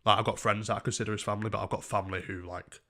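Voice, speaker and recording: A man's voice: on the low side, little pitch movement, rapid-fire, sharp tone. A young man, a streamer telling a rambling, sweary story in casual chat.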